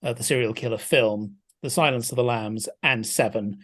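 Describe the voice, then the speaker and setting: A man talks through a film in a relaxed podcast conversation, his voice sitting at an ordinary middle pitch. He thinks aloud, hesitates often and restarts his sentences before building his point. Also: moderate pace. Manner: thoughtful, hesitant, many restarts. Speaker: film scholar guest. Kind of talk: casual podcast discussion.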